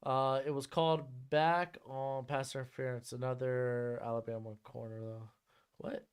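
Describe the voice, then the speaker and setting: A man's voice: mid-range voice, little pitch movement, unhurried, clear, resonant tone. A man live-streaming a football watch-along, chatting casually and jumping between calls on the plays and replies to his chat.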